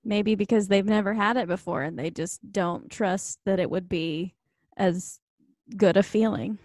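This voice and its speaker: A woman's voice: mid-range voice, a little slow, a little mellow, dry recording, studio quality. A woman co-hosting a podcast, chatting playfully and teasing with laughter. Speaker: podcast co-host. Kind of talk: casual podcast chat.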